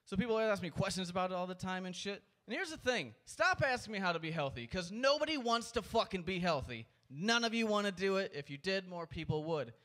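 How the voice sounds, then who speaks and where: A man's voice: sits high, sing-song, a little fast, hardly any pauses, sharp tone. A man doing stand-up at an open mic, with a profane, exasperated rant into a handheld mic. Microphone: handheld stage mic.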